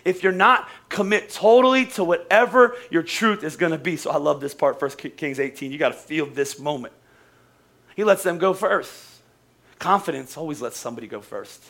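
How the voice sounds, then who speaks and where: A man, a pastor preaching a lively, joking sermon in a church service, repeating phrases for emphasis. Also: fairly high pitch, moderate pace, vocal fry.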